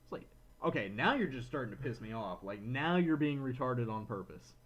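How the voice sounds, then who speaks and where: A man co-hosting a podcast, telling a frustrated story in casual chat, animated and ranting, slipping into quoted voices. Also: medium pitch, brisk, highs cut off. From Florida, USA. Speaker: podcast co-host.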